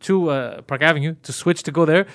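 Fast-talking animated man in casual chat. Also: a little high, no room sound. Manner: animated, profane storytelling with acted-out quotes. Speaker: storyteller in group chat.

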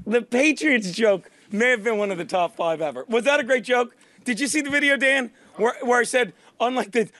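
A man's voice: extremely high pitch, a bit bright, dry recording. A man hosting a radio comedy show, telling rambling, profane, jokey stories. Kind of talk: crude comedy radio talk.

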